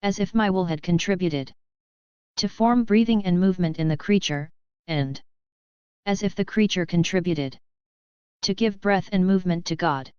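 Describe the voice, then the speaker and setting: A woman giving a slow, measured devotional reading in an even recitation. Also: fairly low pitch, clear, resonant tone, dry recording. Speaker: reader of devotional writings. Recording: dull lo-fi dry recording.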